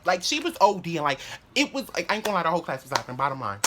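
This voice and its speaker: A man's voice: fairly high pitch, big pitch swings, racing, bright, forceful tone, slight background noise. Rambling young man telling a story. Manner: rambling, with frequent "like" fillers, restarts and swearing. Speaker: vlogger. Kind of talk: casual storytelling to camera.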